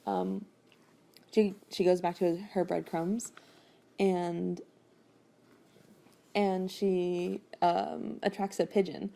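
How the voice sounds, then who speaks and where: A woman's voice: fairly low pitch, extremely slow, vocal fry, long pauses, dark tone. A woman hosting a podcast, casually recapping a book in a chatty, rambling way. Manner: chatty, rambling, with frequent fillers and laughs. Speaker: podcast host recapping a novel. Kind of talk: casual chat.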